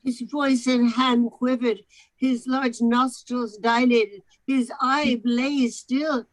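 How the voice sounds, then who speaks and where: A woman narrating a novel aloud, expressive, with occasional stumbles over the words. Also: fairly high pitch, slow, low-quality recording. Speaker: narrator in a charity readathon.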